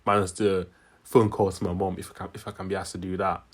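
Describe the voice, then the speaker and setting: A young man, a channel host, talks in a low, fairly flat voice at a fast clip. His Yorkshire accent carries a Nigerian tinge as he rambles through casual solo commentary from his room, chuckling often.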